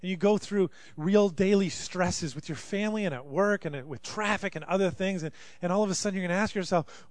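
A young man preaching a sermon as a pastor, telling stories with big swings from hushed to loud. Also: a little high, fast talker, dry recording. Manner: animated storytelling, swinging from quiet to loud.

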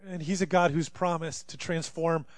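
A young man preaching a sermon as a pastor, telling stories with big swings from hushed to loud. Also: a little high, moderate pace, no room sound. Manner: animated storytelling, swinging from quiet to loud.

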